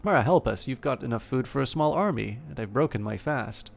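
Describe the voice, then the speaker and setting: A man's voice: mid-range voice, lively intonation, a little fast, gravelly. A man voicing a proud, hot-tempered male elf warrior who swears oaths and speaks sardonically. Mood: teasing.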